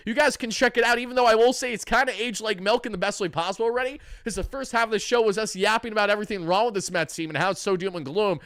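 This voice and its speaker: A man's voice: sits high, very fast, hardly any pauses, fairly bright tone, clean tone, no echo, clean studio sound. A brash young man hosting fan reaction commentary on a sports channel, hyped and trash-talking. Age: young adult.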